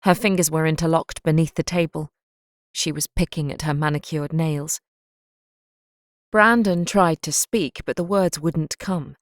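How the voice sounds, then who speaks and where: Audiobook narrator, woman, low and slow, dry booth sound. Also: steady tone, no room sound. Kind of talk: scripted narration.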